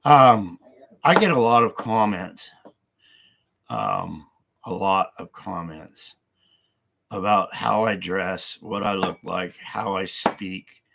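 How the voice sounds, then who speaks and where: A man's voice: low-pitched, slow, vocal fry, fairly bright tone. A man hosting a casual livestream from home, talking in a rambling, repetitive way full of fillers. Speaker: livestream host.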